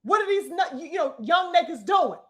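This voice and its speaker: A woman's voice: extremely high pitch, very animated, fairly quick, a bit bright. A woman giving a preachy, profane boxing rant full of rhetorical questions and elaborate words. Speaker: boxing commentator. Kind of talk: ranting commentary.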